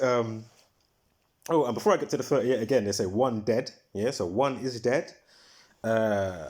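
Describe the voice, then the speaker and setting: A video host speaks in a mid-range, slightly mellow voice, rambling casually through a monologue. He keeps repeating himself, uses lots of fillers, often starts over, and swears when things get heated.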